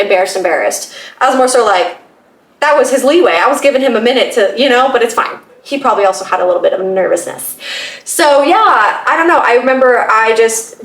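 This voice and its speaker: A young woman with a fairly high voice tells a personal story in a loose, chatty podcast style, swearing freely and laughing out loud. She sits a bit back from the mic, and the room around her echoes. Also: far from the mic. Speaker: podcast host. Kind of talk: casual storytelling.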